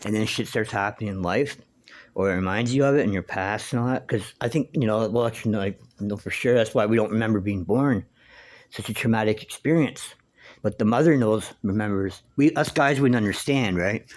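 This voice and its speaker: A man's voice: on the low side, brisk. A man talking in a rambling, casual monologue, swearing freely and wandering between thoughts with lots of fillers. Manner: rambling, profane, meandering with many fillers. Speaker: vlogger.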